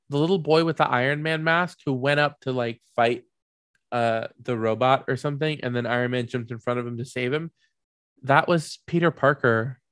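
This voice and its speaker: A man's voice: on the high side, a bit bright, no echo, clean studio sound. A man giving ranting commentary, heated and profane, rambling with many fillers and restarts.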